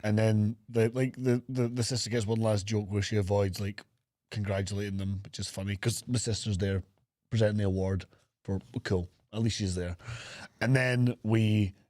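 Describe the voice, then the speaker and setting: A man co-hosting a podcast, casually recapping a film with lively acted-out quotes and frequent laughs. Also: on the low side, normal speed, dry recording, studio quality. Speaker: podcast co-host.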